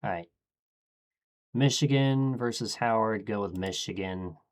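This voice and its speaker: Slow, low-voiced man muttering picks. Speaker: streamer. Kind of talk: casual thinking aloud on stream.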